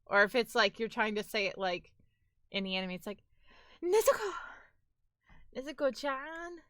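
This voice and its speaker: A woman's voice: mid-range voice, fairly even intonation, a little fast, pushed and bright, no echo, clean studio sound. A woman with a Brooklyn-tinged New York accent, chatting casually and animatedly with viewers as a live streamer, full of "like" and the odd swear. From near New York City. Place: home.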